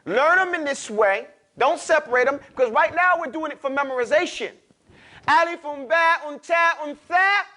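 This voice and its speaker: A man's voice: very high-pitched, expressive, brisk, few pauses, sharp tone. A man teaching a class, drilling letter sounds aloud and patiently correcting and explaining pronunciation. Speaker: Arabic teacher.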